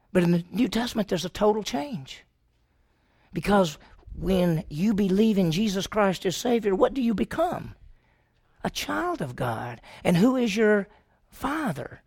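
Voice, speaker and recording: A man's voice: sits high, very animated, measured pace, husky, no echo, clean studio sound. A middle-aged male pastor preaching a sermon, asking his congregation questions and answering them himself, acting out quoted voices.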